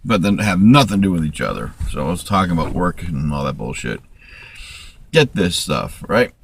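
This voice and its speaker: Profane, rambling man ranting in a low voice. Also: big pitch swings, normal speed, vocal fry, a little hiss or hum. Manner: profane, rambling, restarts often. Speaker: vlogger. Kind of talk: ranting monologue.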